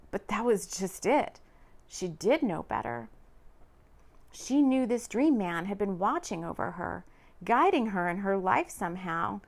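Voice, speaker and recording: Woman reading a romance audiobook, kinda high voice, lively and expressive. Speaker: audiobook narrator.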